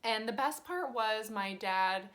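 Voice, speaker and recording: A teacher in her thirties, her voice on the high side and her pace unhurried, relates a personal story at a cozy home. She keeps it chatty and animated, acting out the voices of everyone in it.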